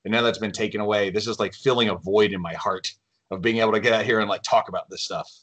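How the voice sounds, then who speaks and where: A man who works as a lead game developer, chatting as a podcast guest in an easygoing, self-deprecating way as he thinks out loud. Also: on the low side, steady tone, fast. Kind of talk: casual podcast chat.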